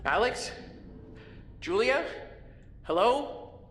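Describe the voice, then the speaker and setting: A man's voice: extremely high pitch, sing-song, very slow, a bit bright, exaggerated voice. A scared lost young man in a game. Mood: anxious. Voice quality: echoing. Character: frightened young man lost aboard a ghost ship. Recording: game audio with hall reverb and noise.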